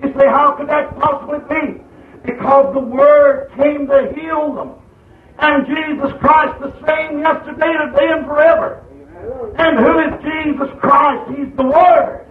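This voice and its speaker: A man preaching a fiery sermon, shouting and stretching words for emphasis. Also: very high-pitched. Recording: echoey hall, far from mic, tinny lo-fi.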